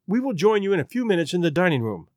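An excitable young government secretary bursts out in agitated, emphatic lines, as a male reader puts him on. The voice runs high, lively and raised, and the recording is dry. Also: quick pace, no room sound. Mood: excited.

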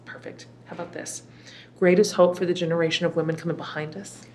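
Female podcast host, lower-pitched, effusive interviewer. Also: fairly even intonation, slight background noise. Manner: warm, effusive, quick asides.

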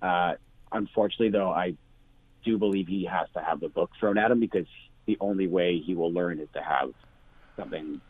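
A bar owner talking casually on the phone, full of fillers and restarts. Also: male voice, low voice, fairly quick, slight background noise. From Canada. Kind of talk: phone interview. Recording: tinny phone line.

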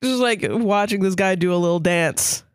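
A woman co-hosts a podcast in a blunt, crude and casual way, telling stories full of swearing. Her voice has a moderate pitch. The recording is close and dry. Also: normal speed, clear, resonant tone, no echo. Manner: blunt, swears a lot, storytelling. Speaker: podcast co-host. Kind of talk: casual profane chat.

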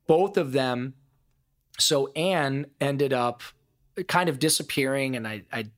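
A middle-aged man from Ohio, a podcast guest telling stories in an emphatic, profane, animated way. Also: mid-range voice, takes it slowly. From Ohio, USA. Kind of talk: casual storytelling interview.

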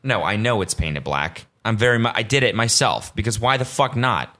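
A man's voice: fairly low pitch, expressive, moderate pace, pushed and bright. A man hosting a solo podcast, rambling casually and swearing freely as he tells stories. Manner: profane, rambling, self-mocking. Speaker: podcast host.

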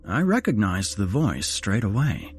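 A man hosting a horror podcast, narrating a first-person ghost story in a measured, dramatic way. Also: on the low side, big pitch swings, darkish tone, slight background noise.

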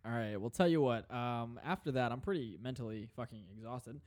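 A man's voice: mid-range voice, a little fast, a little mellow. A man hosting a comedy podcast, rambling crudely through casual banter and laughing often. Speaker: podcast host.

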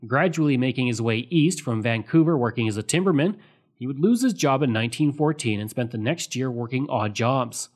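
A man hosting a history podcast, reading a scripted narration in a measured way and reading out sources marked with quote and end quote. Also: mid-range voice, animated.

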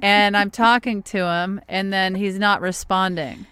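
A woman co-hosting a podcast in casual chat. Her voice is smooth and resonant, recorded close and dry. She tells stories with a deadpan delivery and breaks into laughter. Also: mid-range voice, measured pace, dry recording. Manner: dry storyteller, bursts into laughter. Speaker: podcast co-host.

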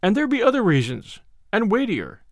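A man's voice: wildly swooping pitch, normal speed, dry recording, clean studio sound, heavily acted. A man voicing a frightened young page boy. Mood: fearful. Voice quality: higher, trembling, archaic speech.

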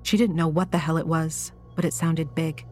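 A woman narrates a horror story in a low, steady voice that stays measured and even throughout. Soft music runs faintly beneath her reading. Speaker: audiobook narrator.

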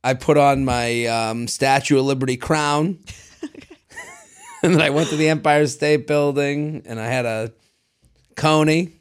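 A man's voice: medium pitch, clear, resonant tone. A man from the Midwest co-hosting a podcast, playful and jokey in casual chat. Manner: playful, jokey, quick-talking. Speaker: podcast co-host.

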